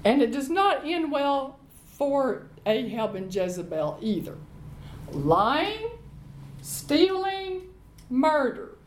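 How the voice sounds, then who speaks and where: Slow, lively woman preacher. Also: sits high, roomy sound, a little hiss or hum, rough recording. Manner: lively storytelling, acting out quotes. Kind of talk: sermon storytelling.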